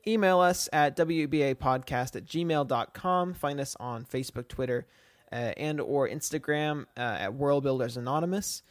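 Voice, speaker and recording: A man's voice: medium pitch, normal speed, no room sound. A man co-hosting a podcast, talking casually in a rambling way with lots of fillers and restarts. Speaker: podcast co-host.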